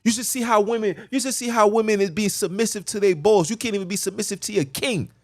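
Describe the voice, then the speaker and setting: A man with a notably high voice delivers a fervent, preachy rant while sitting in a car. He sounds agitated and keeps repeating himself for emphasis. The sound is close and dry, with almost no room echo. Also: fast. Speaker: podcast host. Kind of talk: impassioned rant.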